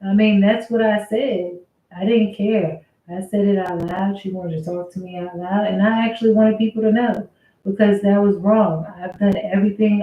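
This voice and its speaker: Woman, venting workplace story, aggrieved and chatty, echoey room, tinny lo-fi sound. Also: medium pitch. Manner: venting, aggrieved, conversational with swearing. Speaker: vlogger telling a workplace story. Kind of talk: casual storytime monologue. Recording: roomy, phone-like thin sound.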